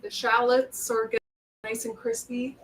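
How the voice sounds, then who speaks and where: A woman's voice: a little high, level tone, moderate pace, a bit bright, rough recording. A woman hosting a cooking livestream from her home kitchen, chatting casually in a rambling way as she moves around, with cooking sounds behind her. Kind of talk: casual chat while cooking.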